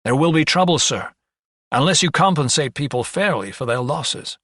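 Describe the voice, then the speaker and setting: A man's voice: mid-range voice, fairly quick, fairly bright tone, no echo, studio quality, close to an everyday voice. A man voicing a young, earnest doctor who speaks with indignation. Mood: indignant.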